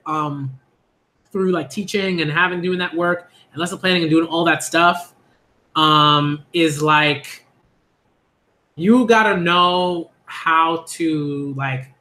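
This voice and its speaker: A man casually rambling on a manga reaction stream, full of fillers and repeats, breaking into high laughing bursts. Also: bright, forceful tone, echoey room.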